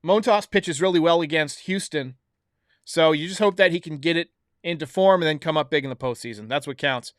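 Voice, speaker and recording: High-voiced man recapping a baseball game. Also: a little fast, dry recording, studio quality. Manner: blunt, opinionated, talks straight to viewers. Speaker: host of a baseball recap show. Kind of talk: solo sports recap commentary.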